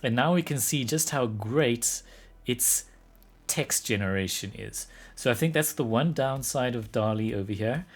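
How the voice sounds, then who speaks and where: A man streaming live as an artist, thinking aloud in casual commentary, getting excited and laughing often. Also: mid-range voice, measured pace.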